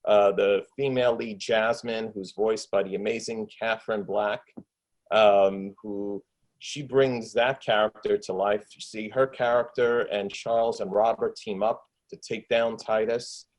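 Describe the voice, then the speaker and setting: A man's voice: on the low side, steady tone, unhurried, low-quality recording. A man, an actor and filmmaker, talking enthusiastically in a casual interview from home, with many fillers and restarts. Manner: enthusiastic, rambling, lots of fillers. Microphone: desktop USB microphone with pop shield.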